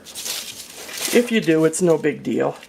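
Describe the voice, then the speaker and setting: A woman's voice: low-pitched, expressive, slow, vocal fry, a little mellow, slight background noise. Older woman, home cook, chatty and folksy, cooking demonstration, home kitchen. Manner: chatty, folksy, storytelling asides.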